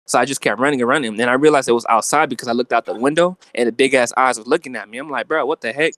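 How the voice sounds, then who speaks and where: A man's voice: mid-range voice, rapid-fire, no room sound. Slangy young man telling a story. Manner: slangy, animated, filler-heavy. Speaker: guest telling a dream. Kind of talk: casual storytelling chat.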